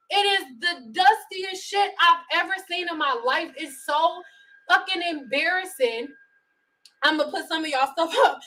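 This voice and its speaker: High-voiced blunt ranting woman. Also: fairly bright tone, rough recording. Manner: blunt, exasperated, profane. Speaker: vlogger. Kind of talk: profane ranting commentary.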